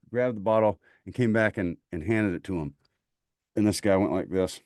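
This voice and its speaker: A man's voice: fairly low pitch, brisk, no room sound, clean studio sound. A man with a Southern US accent telling a war story in a casual podcast chat, acting out the voices of the people in it. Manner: animated storyteller, acts out quoted voices. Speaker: podcast guest, voice actor.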